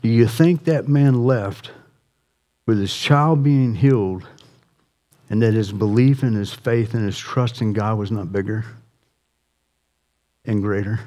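A man preaching a sermon as pastor, swinging from impassioned, near-shouted appeals to soft, quiet pleading. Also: lowish voice, measured pace, pauses often.

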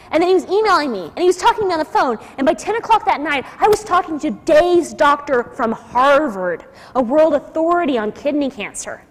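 A woman telling a personal story to an audience, emotional, acting out the people she quotes. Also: high voice. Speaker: speaker at a nursing school talk. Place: lecture hall. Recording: lecture hall with long reverb.

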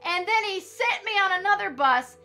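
A woman's voice: extremely high pitch, lively intonation, normal speed, bright, forceful tone, soft background music. A woman telling a personal faith testimony in a fervent, emphatic storytelling manner, as a ministry leader addressing her viewers. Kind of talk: testimony sermon.

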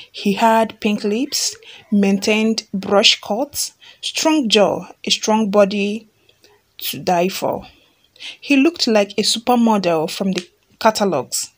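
A woman's voice: mid-range voice, slow pace, a bit bright. A woman who reads a fan story aloud and then retells it chattily, often checking in with listeners and repeating herself.

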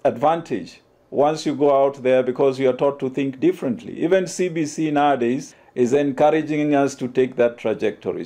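Earnest man, mellow voice. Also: medium pitch. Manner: earnest, promotional, measured. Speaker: university innovation centre official. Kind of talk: on-camera interview remarks.

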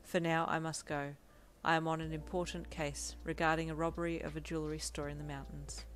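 Woman voicing a calm, formal young man. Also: low-pitched, brisk, a little hiss or hum, natural voice. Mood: resolute. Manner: quiet, formal, soft-spoken. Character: young adult male hero, calm, formal and reserved.

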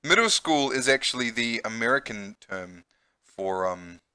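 A man's voice: medium pitch, animated, a little slow, pushed and bright, clear, resonant tone, no room sound. A man with a New Zealand accent who teaches English, reading a visual novel aloud and chatting in a teacher's explaining way.

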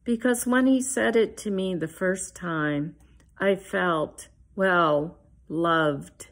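A woman author reading her own literary fiction aloud in a measured, first-person style. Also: fairly low pitch.

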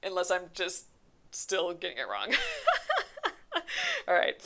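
A woman's voice: fairly low pitch, sing-song, takes it slowly, gravelly, long pauses, fairly bright tone. A young woman hosting a live embroidery stream, chatting casually and rambling through viewer questions with fillers, restarts and easy laughs. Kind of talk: casual live crafting chat, answering viewer comments.

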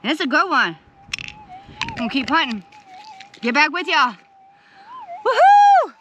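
A woman's voice: high-pitched, moderate pace, very noisy. A woman, chatting to viewers while prospecting outdoors in the desert, with the camera set down nearby. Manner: chatty, addresses viewers as y'all, squeals with excitement. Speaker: gold prospecting vlogger. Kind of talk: casual vlog narration.

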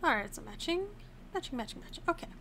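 Woman gamer, let's-play commentary, chatty, slightly high voice. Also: animated, very fast, sharp tone, a little hiss or hum. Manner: chatty, self-narrating as she plays.

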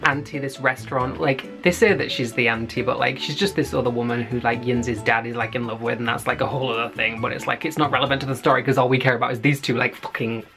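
A man's voice: medium pitch, steady tone, fast, gravelly, hardly any pauses, bright, forceful tone, faint music behind. A man giving a casual, profane recap of a web series and acting out the characters' lines.

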